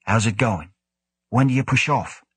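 A man's voice: medium pitch, normal speed, a bit bright, husky, no echo, voice pushed up. A man voicing a brash, cheeky male supply man, breezy and teasing. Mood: friendly.

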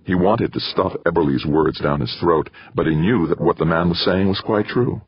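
A man narrating a novel as an audiobook in a measured, steady reading style. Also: low-pitched, breathy edge. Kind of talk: scripted narration. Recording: dry, slightly dull audio.

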